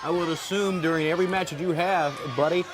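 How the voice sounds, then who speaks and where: A male wrestling TV host with a fairly high voice. He asks interview questions and introduces the next segment in a smooth, even broadcast manner. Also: fast, a crowd in the background, background noise. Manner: smooth, even announcer delivery.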